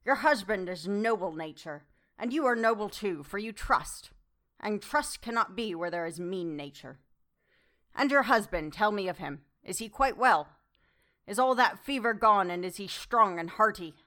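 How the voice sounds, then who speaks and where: A woman voicing an old male foreign professor in an audiobook, earnest and effusive, speaking in slow, broken formal English. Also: mid-range voice, lively intonation, bright, forceful tone. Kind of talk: audiobook character reading.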